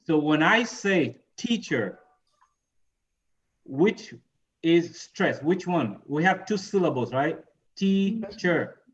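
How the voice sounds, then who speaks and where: A man's voice: a little high, lively intonation, a little slow, dull audio. A man teaching English pronunciation to a class over a video call, casual and repeating "you know" and "right?".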